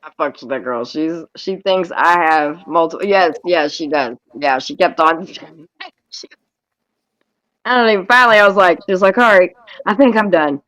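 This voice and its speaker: A woman's voice: on the low side, moderate pace, no echo, low-quality recording. A woman chatting casually on a livestream panel, swearing freely, laughing often and acting out what others said. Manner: profane, laughs a lot, animated storytelling. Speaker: panel guest.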